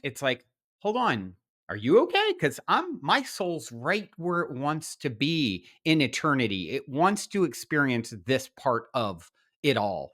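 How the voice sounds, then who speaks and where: Middle-aged man, podcast guest; bright, lively storyteller who restarts often. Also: mid-range voice. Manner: animated, many restarts and quoted asides. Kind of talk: storytelling in conversation.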